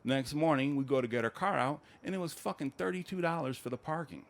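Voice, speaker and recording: A man performing a stand-up comedy set, telling stories in a conversational, deadpan way. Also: fairly high pitch, quick pace, creaky. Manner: conversational, deadpan storytelling with acted quotes.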